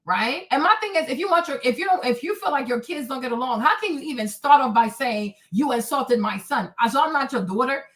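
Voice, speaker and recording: A woman's voice: sits high, brisk, few pauses. A young woman hosting a livestream, ranting indignantly to her viewers in a casual storytelling way. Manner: animated, indignant, talks to viewers as y'all. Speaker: livestream host.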